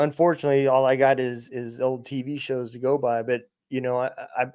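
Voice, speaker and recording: A man's voice: medium pitch, no echo, studio quality. A man hosting a podcast interview, asking casual questions with stammers and fillers. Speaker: podcast host.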